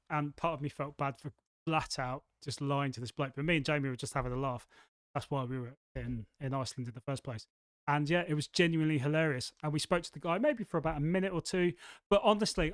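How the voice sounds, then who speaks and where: Rambling, lively English podcast host. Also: male voice, a little high, no echo. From England. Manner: rambling, animated storytelling. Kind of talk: casual chat. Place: studio.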